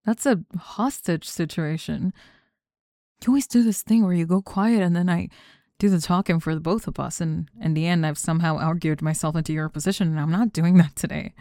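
A controlling student who runs the group project and won't let anything slide, as a young woman acts her out in a role-play monologue. Her voice sits low and mellow, with a dry, close sound and no room around it. She talks in clipped, sarcastic, exacting turns. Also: steady tone, a little fast, no room sound, lightly acted. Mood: indignant. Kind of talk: scripted one-sided role-play monologue.

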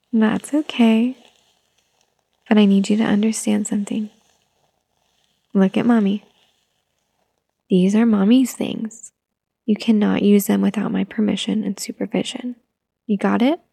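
A woman in a gentle mommy role-play, talking soothingly to an imagined toddler, sometimes whispering. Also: mid-range voice, steady tone, a little slow, creaky, long pauses, breathy edge, no echo.

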